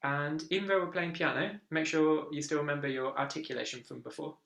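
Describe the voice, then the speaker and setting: Viola teacher, encouraging, counts beats aloud, gravelly, echoey practice room. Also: medium pitch, steady tone, brisk, fairly bright tone. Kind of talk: online music lesson.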